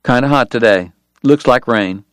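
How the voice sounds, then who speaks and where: A man as a cool, flat-voiced frontier lawman. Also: mid-range voice, moderate pace, no room sound, lightly acted. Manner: flat, offhand, unbothered. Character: calm, contemptuous male frontier lawman. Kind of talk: audiobook character voice.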